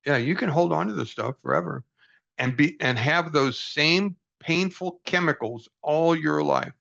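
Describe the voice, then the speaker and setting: A man's voice: on the high side, a little slow, creaky, fairly bright tone. An older man reading from a book aloud and reflecting on it in an earnest, folksy, self-deprecating way, on a dull lo-fi recording. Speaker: book study host.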